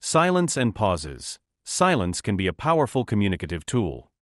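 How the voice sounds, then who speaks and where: A man with a lowish voice narrates a nonfiction audiobook, his pitch rising and falling with plenty of expression. He reads in a measured, instructive manner from a script. The sound is dry and close, with no room echo. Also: sing-song.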